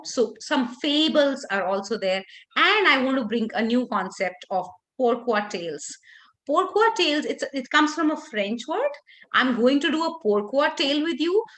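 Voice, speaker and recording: A woman leading a workshop for teachers, talking expressively with lively intonation and frequent restarts. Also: a little high. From India.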